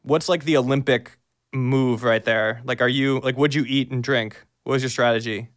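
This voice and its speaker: Man, podcast host, mid-pitched voice, curious, eager, stammering questions. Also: steady tone, moderate pace. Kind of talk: casual interview chat.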